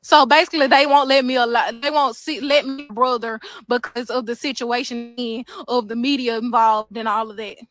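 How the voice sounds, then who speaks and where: A woman's voice: fairly high pitch, moderate pace, few pauses, no room sound, soft background music. A woman, upset as she retells a prison visit, acting out the exchanges she describes. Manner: upset, animated retelling with quoted dialogue. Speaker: inmate's sister recounting a prison visit. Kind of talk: casual first-person account. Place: outdoors near a prison.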